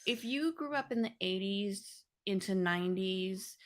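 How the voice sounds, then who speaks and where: An animated woman in her thirties co-hosts a casual live podcast. She laughs easily and talks at an unremarkable, middling pitch for a woman. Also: unhurried. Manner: animated, laughs often, breaks into movie impressions. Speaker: podcast co-host.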